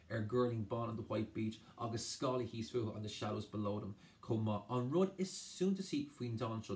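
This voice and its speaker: A man's voice: medium pitch, darkish tone. Man explaining a poem, repeating himself. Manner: explains by translating each phrase, repeating himself. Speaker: Irish language tutor. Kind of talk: exam revision lesson.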